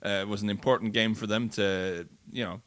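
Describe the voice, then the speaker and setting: In a casual sports podcast, a football pundit breaks down matches, talking fluently but frequently restarting and repeating words. His voice is lowish, steady and a bit bright, at a moderate pace with no echo.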